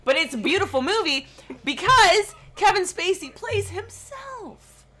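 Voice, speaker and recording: A woman's voice: extremely high pitch, very animated, unhurried, bright, forceful tone. A woman co-hosting a horror podcast, talking in dramatic, opinionated casual chat with plenty of swearing. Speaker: podcast co-host.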